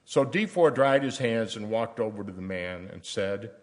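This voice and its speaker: A man's voice: on the low side, lively intonation, normal speed. Older man reading a letter. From Tennessee, US South. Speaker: speaker at a church service. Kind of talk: reading a personal letter aloud.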